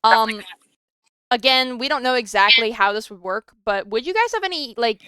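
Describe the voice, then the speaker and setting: A young woman asks her question on voice chat in a hesitant, filler-heavy way. Her voice is smooth and clear, and the sound is close and dry. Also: fairly high pitch, animated, normal speed, pushed and bright, no room sound. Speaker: audience member asking questions.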